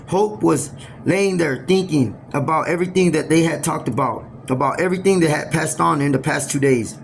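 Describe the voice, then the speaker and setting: A man telling a homemade story aloud, rambling and halting, often restarting his sentences. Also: on the high side, creaky, slight background noise. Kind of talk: improvised oral storytelling.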